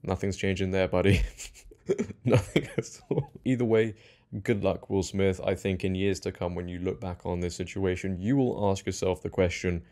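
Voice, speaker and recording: A man's voice: sits low, steady tone, normal speed, a little mellow. A young man hosting political commentary in a mocking, sarcastic tone. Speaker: commentary channel host.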